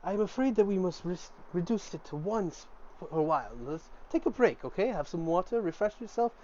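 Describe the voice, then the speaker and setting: Bitter older circus-owner mystic, formal and smooth, pitched up, played by a game master; lo-fi sound. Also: male voice, animated, a little fast, a little mellow, a little hiss or hum. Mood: soothing.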